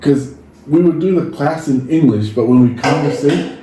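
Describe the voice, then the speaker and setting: A man's voice: a little high, moderate pace. Man, echoey distant mic. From Samoa. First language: Samoan. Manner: animated storyteller who acts out quoted lines. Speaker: podcast co-host. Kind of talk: casual storytelling chat. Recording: echoey room, distant mic, faint noise.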